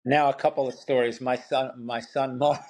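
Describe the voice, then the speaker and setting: A man's voice: mid-range voice, flat delivery, normal speed, darkish tone. An older man, a podcast guest, sharing family memories with dry, teasing humor. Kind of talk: casual family storytelling.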